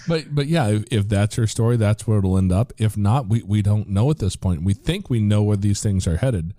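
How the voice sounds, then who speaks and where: American podcast host, forties, low dark voice, dry close sound, earnest and rambling. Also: male voice, expressive, normal speed, dry recording. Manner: earnest, rambling, with frequent restarts. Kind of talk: casual conversational interview.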